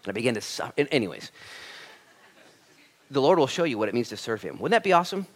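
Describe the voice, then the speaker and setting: A male pastor preaching a sermon in church, animated and frank, acting out quoted speech with humor. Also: mid-range voice, fast. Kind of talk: sermon with storytelling.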